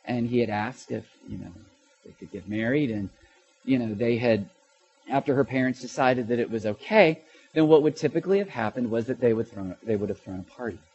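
A middle-aged man preaching a sermon, telling a personal story in an animated way that swings from loud to hushed, with stammers and restarts. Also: medium pitch, brisk, dull audio. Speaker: pastor.

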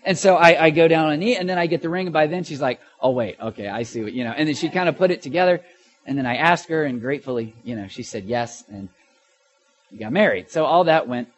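A middle-aged man preaching a sermon, telling a personal story in an animated way that swings from loud to hushed, with stammers and restarts. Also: on the high side, fast talker, dull audio. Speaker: pastor.

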